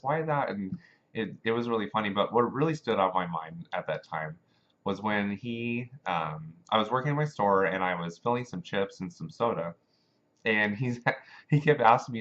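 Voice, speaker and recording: A man hosting a casual monologue show, talking in an animated, rambling way with many fillers, in a dull lo-fi recording. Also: fairly low pitch. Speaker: show host.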